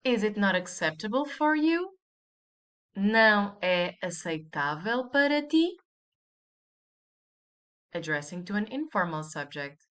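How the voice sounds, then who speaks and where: A woman teaching a language lesson, speaking slowly and clearly and repeating model words for the listener. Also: medium pitch, sing-song, a bit bright. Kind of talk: scripted language lesson narration.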